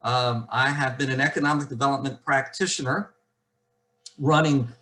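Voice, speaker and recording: A man in his sixties from the Southern US with a Southern accent, giving a keynote talk over a video call in a measured way with frequent fillers. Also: medium pitch, fairly even intonation, sharp tone, low-quality recording. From Southern United States. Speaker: keynote speaker. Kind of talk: virtual keynote speech.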